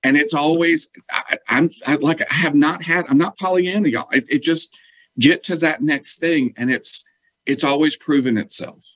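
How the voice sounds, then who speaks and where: A man, a guest telling his personal story in an interview, earnest and halting with frequent restarts. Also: a little high, fairly bright tone, no echo, low-quality recording.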